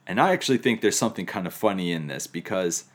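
Male preacher with a low voice, unhurried and reflective sermon delivery, a bit wry. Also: animated. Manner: reflective, lightly humorous teaching. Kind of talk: sermon on scripture.

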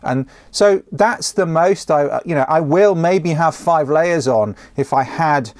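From his home office, a man hosts a questions show, answering viewers in a casual solo talk. His voice sits a little high and he takes his time, chatting along with plenty of ums and self-corrections. The recording is dry.

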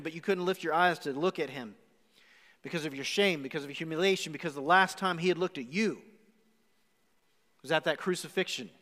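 A man's voice: sits high, a bit bright. A male pastor preaching a live sermon in a church, retelling a story dramatically and speaking straight to his listeners. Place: church sanctuary. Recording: live church recording with long reverb.

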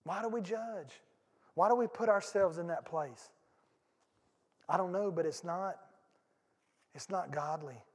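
High-voiced preaching man, reverberant church. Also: a little slow, pauses often. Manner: conversational preaching, swinging from loud bursts to hushed asides; repeats and restarts phrases for emphasis. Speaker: pastor. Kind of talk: sermon. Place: church sanctuary.

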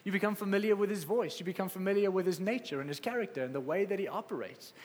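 A man preaching a sermon with passion, swinging between loud exclamations and quiet, soft stretches. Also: high voice, quick pace, long reverb tail. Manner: passionate, rising to exclamations then dropping soft.

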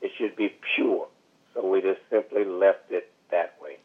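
A man's voice: sits low, steady tone, unhurried. A man, an author telling a long, rambling story as a podcast guest, full of asides and fillers. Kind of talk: storytelling interview over the phone. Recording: tinny phone line.

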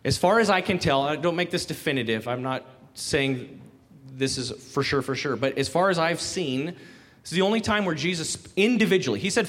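A man's voice: mid-range voice, lively intonation, brisk, fairly bright tone. A man preaching a sermon in a conversational way, acting out quotes and asking the congregation questions. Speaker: pastor. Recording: long hall reverb.

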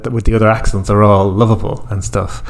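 A man's voice: fairly low pitch, flat delivery, fast talker, vocal fry. An Irish man co-hosting a casual film discussion podcast, earnest and thinking aloud with many restarts. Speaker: podcast co-host.

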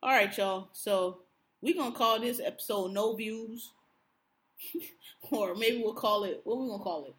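A woman co-hosting a podcast, telling a story in casual chat, profane and animated. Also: mid-range voice, normal speed, pauses often. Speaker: podcast co-host.

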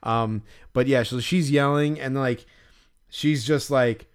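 A man's voice: mid-range voice, steady tone, slow, smooth. Rambling young man full of "like"s. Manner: rambling, heavy on filler words. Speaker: podcast co-host. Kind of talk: casual chat.

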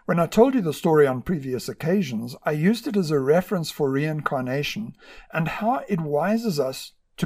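A man hosting a podcast, narrating stories in a measured, scripted storytelling manner. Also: a little high, darkish tone. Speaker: podcast host.

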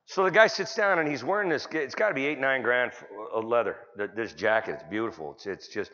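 A middle-aged man doing a stand-up comedy set at a conference, telling rambling stories full of restarts and sudden loud bursts. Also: fast. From California. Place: conference hall. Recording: dull, boomy conference hall recording.

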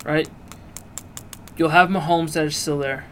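A man's voice: a little high, steady tone, unhurried, slight background noise. A man co-hosting a podcast in casual banter, chatty and profane. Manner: chatty, profane, laughs easily. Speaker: podcast co-host.

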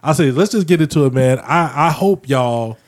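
A man's voice: fairly high pitch, normal speed. A man hosting a podcast, talking casually and laying out the rules in a loose, easygoing way. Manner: relaxed, explains rules at a loose pace. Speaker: podcast host. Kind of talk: casual chat.

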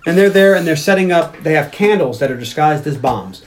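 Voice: medium pitch, expressive, fairly quick. Casual, joking host; reads from notes; mid-range voice. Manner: jokey, reads own notes aloud. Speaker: podcast host. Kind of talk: casual movie recap chat.

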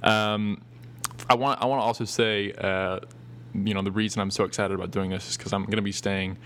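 A man's voice: lowish voice, level tone, a little fast, a bit bright, a little hiss or hum. A young man in his twenties hosting a solo podcast, talking loosely with many fillers and restarts. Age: 20s. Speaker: podcast host. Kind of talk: casual solo podcast talk.

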